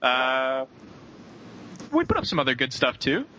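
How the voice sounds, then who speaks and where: A man's voice: mid-range voice, huge pitch swings, a little slow, pushed and bright. A man hosting a casual gaming podcast, joking and laughing easily. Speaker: podcast host. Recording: slightly dull with faint noise.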